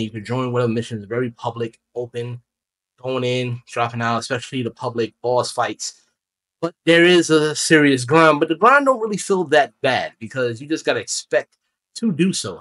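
Young male gaming host, casual rambling review delivery, mid-pitched. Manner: rambling, loose and chatty, with self-corrections. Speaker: gaming YouTuber.

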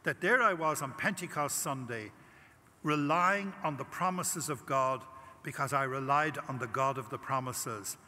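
Unhurried, with a pushed, bright mid-range voice, an older Irish priest addresses a large conference hall where long reverb trails his words. He shares a personal story, acting out his prayers with animation.

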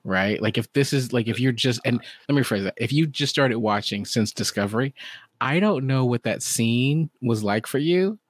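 A man's voice: mid-range voice, lively intonation, normal speed, no echo. A man co-hosting a podcast, talking in a mid-range voice. He rambles, restarts his sentences and acts out his own reactions. The recording is dry and close. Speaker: podcast co-host. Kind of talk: casual podcast chat.

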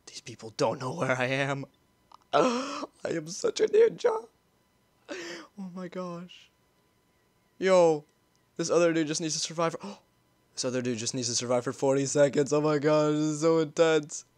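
A man giving rambling, excitable gameplay commentary, gasping and yelling as the game turns tense. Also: fairly high pitch, normal speed, no room sound. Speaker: gaming YouTuber.

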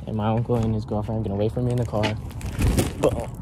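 A man's voice: lowish voice, little pitch movement, quick pace. Nervous young man vlogging outdoors. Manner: nervous, emotional, chatty slang. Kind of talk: casual vlog. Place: outdoors at night near cars. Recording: noisy outdoor street ambience.

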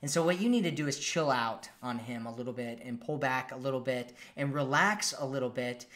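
A man's voice: medium pitch, a little fast, fairly bright tone. A man hosting a live stream as a dating coach, reading out viewer comments in a casual, upbeat, chatty way.

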